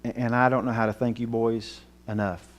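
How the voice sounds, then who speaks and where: A man telling a personal story in a sermon, earnest and emotional, his voice dropping low at the tense moments. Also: flat delivery, fairly quick. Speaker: Bible teacher.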